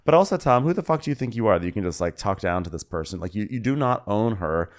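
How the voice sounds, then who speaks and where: A male podcast co-host who talks in an indignant, sarcastic way and often breaks into laughter. His voice sits a little low. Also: lively intonation, fast. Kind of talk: casual recap chat.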